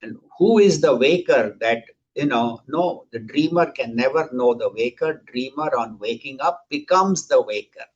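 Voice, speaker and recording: Man teaching scripture, husky tone. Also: mid-range voice, dull audio. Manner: storytelling, acts out quoted characters. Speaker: spiritual teacher. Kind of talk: scripture class.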